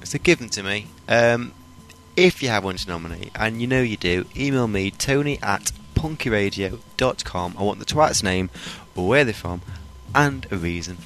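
Low-voiced, dry podcast co-host. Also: male voice, lively intonation, moderate pace, a bit bright, soft background music. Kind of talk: casual comedy chat.

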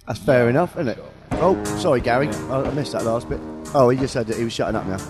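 Over music, a fast-talking man with a mid-range voice from Scunthorpe, England, hosts an internet radio show, chatting casually and joking at his own expense.

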